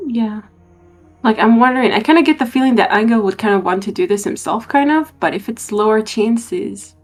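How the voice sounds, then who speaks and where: A woman playing a tabletop role-playing game, speaking softly and thinking aloud about what her character would do. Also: fairly high pitch, a little fast, faint music behind. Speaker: player. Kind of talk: casual play discussion.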